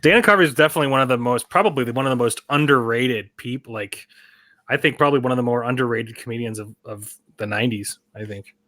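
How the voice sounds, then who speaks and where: A man co-hosts a casual podcast chat and puts in short questions and follow-ups. His voice is bright and crisp, recorded dry and close. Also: mid-range voice, fast, no echo. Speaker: podcast co-host.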